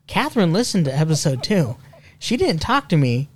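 A man's voice: on the high side, big pitch swings, moderate pace. Upbeat young-sounding man hosting a podcast. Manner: laughs often, rambling with filler words. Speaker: podcast host. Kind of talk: casual chat. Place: basement room.

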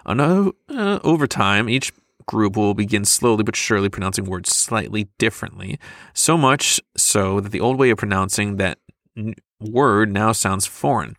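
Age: adult. Role: podcast co-host. Style: casual chat, lots of "uh" and "um". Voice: lowish and very bright, dry close sound. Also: male voice, animated, moderate pace, dry recording. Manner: chatty, laughs often, many fillers.

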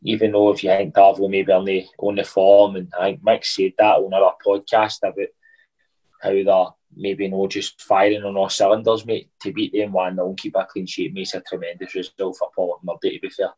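Drunk Scottish man, husky and low. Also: flat delivery, fairly quick, a little mellow, poor audio. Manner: rambling, sweary, says "mate" constantly. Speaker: podcast co-host. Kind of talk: casual sports podcast chat.

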